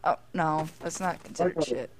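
Low-voiced woman giving a mock house tour. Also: normal speed. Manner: mock-polite tour guide in a put-on accent. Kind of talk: playful role-play house tour.

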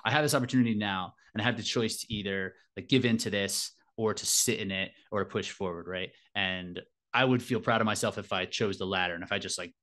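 A man's voice: fairly low pitch, fast talker, fairly bright tone. A man being interviewed as an elite fitness racer and coach, reflective in manner and often adding "like" and "right?" as he talks. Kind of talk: casual interview talk.

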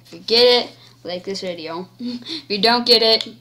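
A woman giving casual, goofy gameplay commentary, cracking jokes and talking playfully in a drawn-out way. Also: a little high, sharp tone, a little hiss or hum.

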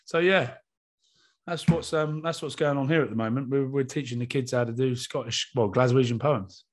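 A man's voice: medium pitch, normal speed. Chatty joking man in his thirties. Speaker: co-host, rugby player. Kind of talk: casual chat.

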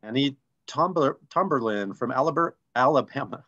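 A man co-hosting a casual online call, reading names in a relaxed, friendly, joking way. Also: mid-range voice, normal speed, muffled recording. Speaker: co-host.

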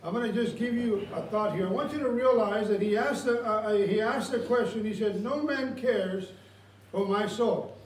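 A pastor delivers his sermon in a high-pitched voice, moving between storytelling and prayer. The sound is roomy and comes from some way off the mic, with faint room noise behind it. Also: a little fast, few pauses. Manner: storytelling preacher, drops to a hush for prayer. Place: church sanctuary. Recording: roomy church sound from far off.

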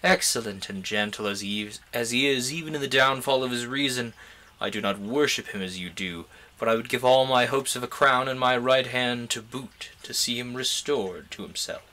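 A man's voice: mid-range voice, moderate pace, sharp tone, lightly acted. A man reading a novel aloud, voicing an ambitious, haughty young nobleman in a grand, declamatory way.

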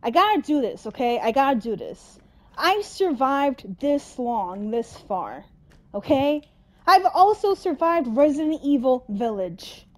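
Scared woman gamer, slow and high, swears a lot. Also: big pitch swings. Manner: frightened, swearing, yelling at the game. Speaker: gamer playing a horror game. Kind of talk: horror let's play commentary.

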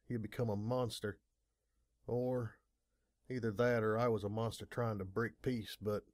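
A man narrating a fan audiobook in a dramatic, measured reading. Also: fairly low pitch, darkish tone, no echo, studio quality. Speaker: audiobook reader. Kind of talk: scripted narration.

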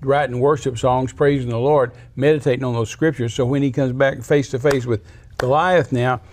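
A man's voice: medium pitch, steady tone, normal speed, a little mellow, slight background noise. An older man teaching from the Bible as a talk show guest, folksy and storytelling, acting out quotes in a raised voice. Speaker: guest preacher.

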